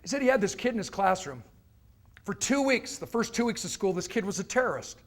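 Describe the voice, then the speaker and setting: A man giving a motivational lecture to a live audience, telling an anecdote and acting out the people in it with lively changes of voice. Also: high voice, fairly quick. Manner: animated, acts out characters' voices. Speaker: motivational speaker. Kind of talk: storytelling keynote lecture.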